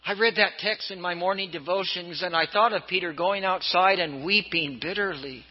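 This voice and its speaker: An older man from California preaches as a bishop in a church. His voice sits a little high and rises and falls sharply to stress his points. The recording sounds slightly dull and lo-fi. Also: moderate pace. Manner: storytelling preacher, swinging pitch for emphasis. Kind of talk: sermon.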